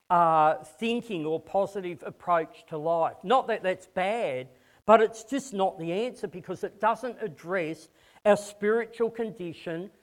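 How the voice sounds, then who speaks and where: High-voiced man preaching. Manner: conversational, repeats words when starting phrases. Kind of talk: sermon.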